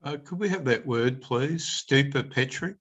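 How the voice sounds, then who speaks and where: Brief: hesitant male student, mid-pitched voice, questioning. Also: animated, measured pace, a bit bright, husky. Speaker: class participant.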